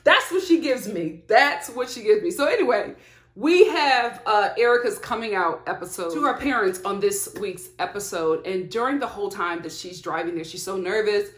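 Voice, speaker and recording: A woman giving a casual, animated recap of a reality TV episode, laughing often and talking back to the screen. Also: mid-range voice, moderate pace. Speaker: TV show reviewer. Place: home filming setup. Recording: echoey room.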